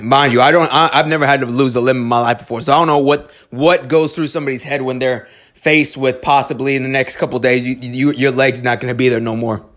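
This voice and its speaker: This man talks fast in a steady, mid-range voice with a slightly bright edge. Telling a story in a loose, casual way, he offers sincere motivational advice, cursing bluntly and restarting his sentences again and again.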